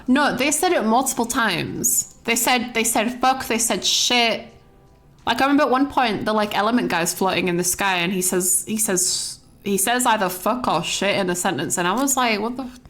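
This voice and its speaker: A woman's voice: mid-range voice, a bit bright. A young woman chats casually on stream about a film she just saw. She rambles and swears freely, and fills her sentences with "like". Her tone stays loose and conversational. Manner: rambling, sweary, full of likes. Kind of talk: casual chat, movie rant.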